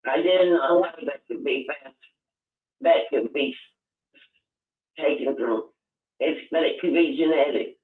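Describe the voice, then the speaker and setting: Heartfelt male caller on a phone line. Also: fairly high pitch. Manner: heartfelt, slow and halting. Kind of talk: call-in show chat. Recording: tinny phone line, echoey.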